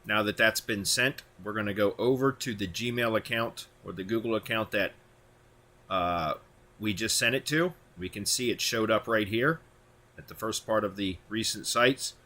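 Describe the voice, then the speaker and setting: A man talking through a software tutorial step by step in plain instructions, with occasional fillers. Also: on the low side, normal speed. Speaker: tutorial host. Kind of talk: screen-recorded software tutorial.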